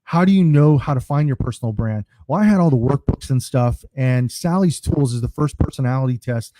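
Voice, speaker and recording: Guest brand strategist, man, animated storyteller, mellow and warm, dry close sound. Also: medium pitch, brisk, no echo. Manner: animated storyteller, jokes around. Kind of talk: casual podcast interview.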